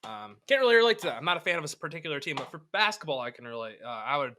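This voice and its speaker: A man's voice: fairly high pitch, very animated, rapid-fire, pushed and bright, a little hiss or hum. A man in his twenties co-hosting a casual sports podcast, rambling and cursing, often breaking off mid-sentence. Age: 20s. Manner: rambling, profane, self-interrupting. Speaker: podcast co-host.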